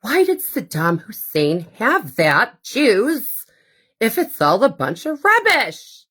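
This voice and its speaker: A woman's voice: a little high, huge pitch swings, takes it slowly, a bit bright, slightly rough. Blunt, profane woman ranting as podcast host. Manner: blunt, profane and combative, with sarcastic asides. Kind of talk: ranting monologue.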